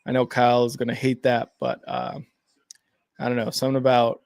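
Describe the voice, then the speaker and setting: A man's voice: mid-range voice, completely flat delivery, brisk, gravelly, a little mellow, clear, resonant tone, dry recording. A man co-hosting a live game watch-along, talking casually with lots of fillers and restarts, calling plays as they happen. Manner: rambling, filler-heavy, self-correcting. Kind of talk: casual live sports chat and play-by-play reactions.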